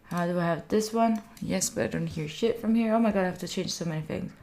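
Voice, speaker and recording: An Italian woman whose first language is Italian live streams, chatting casually with viewers and thinking aloud as she sets up, talking straight to chat. Her voice is on the low side, fast and mellow.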